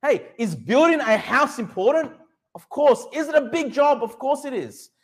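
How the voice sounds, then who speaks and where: A middle-aged pastor preaching a sermon. He is emphatic, asks the congregation questions and answers them himself, and slows right down to stress Bible verses. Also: very high voice, animated, fairly bright tone. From Australia.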